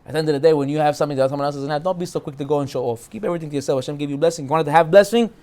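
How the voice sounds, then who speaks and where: Animated rabbi a high voice. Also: male voice, racing. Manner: animated, jokey, acts out quoted voices. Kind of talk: casual Torah class.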